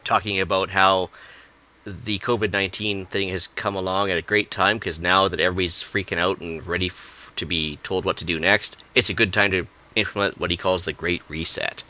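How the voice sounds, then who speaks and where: A man's voice: low-pitched, fairly even intonation, a little fast, sharp tone. A man co-hosting a casual podcast, rambling and hunting for words with plenty of fillers. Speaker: podcast co-host.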